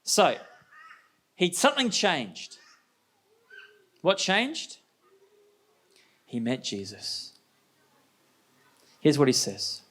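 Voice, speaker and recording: A man preaching a sermon as pastor, energetic and conversational, throwing rhetorical questions at the congregation. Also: on the high side, very slow, pauses often.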